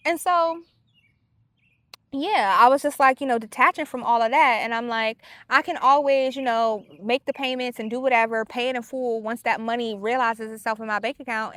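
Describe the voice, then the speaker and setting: A woman hosting her own podcast, talking in a casual solo monologue that is blunt, profane and animated. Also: high voice, no room sound. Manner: blunt, profane and animated, with quick quoted asides. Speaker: podcast host.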